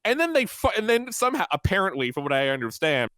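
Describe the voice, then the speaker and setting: A man speaking as a guest on a stream, calm and explanatory. His pitch moves a lot, and the sound is dry with no room echo. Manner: measured, explanatory. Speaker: guest commentator. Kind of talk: casual chat.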